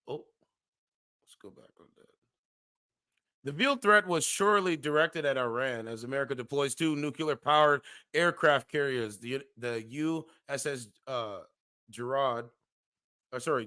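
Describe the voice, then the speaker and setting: A man's voice: medium pitch, a little slow, sharp tone. A man hosting a casual commentary show, reading an article aloud and stumbling over words, correcting himself, and breaking off into slangy asides.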